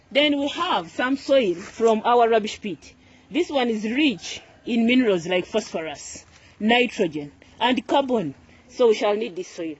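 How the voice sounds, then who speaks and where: A woman farmer with a raised, husky voice gives an upbeat, casual planting lesson in an outdoor garden. She repeats short phrases as she mixes and packs soil. The recording is dull and lo-fi. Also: fairly high pitch. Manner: repeats phrases while working with her hands, upbeat and instructive. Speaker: farmer and channel host. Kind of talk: casual farming tutorial.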